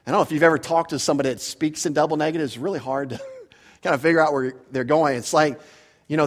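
A male pastor preaching a verse-by-verse sermon in a church, earnest and emphatic, animated when he explains a point. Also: fairly high pitch, fast. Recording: long reverb of a hall.

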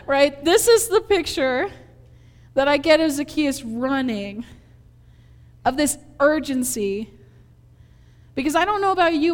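A woman's voice: high voice, big-room sound. A woman from Minnesota giving a conversational sermon, telling a funny childhood story with lots of laughter and acted-out moments. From Minnesota, USA. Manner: animated storyteller, laughs often, acts out scenes. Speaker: preacher.

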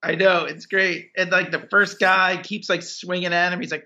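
A man's voice: sits high, steady tone, a little fast, sharp tone, lo-fi sound. A man recapping a TV episode in casual podcast chat, rambling with many fillers and acting out the characters' lines.

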